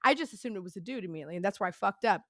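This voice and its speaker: A woman telling a story as a podcast guest, rambling and profane, peppering her talk with laughs and quick "right?" asides. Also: mid-range voice, expressive, fairly bright tone, no echo. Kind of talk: casual storytelling.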